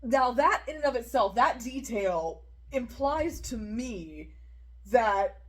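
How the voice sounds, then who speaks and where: A woman co-hosting a podcast, chatting casually, animated and quick to laugh. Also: fairly high pitch. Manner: animated, laughs often, thinks out loud. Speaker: podcast co-host. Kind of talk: casual chat.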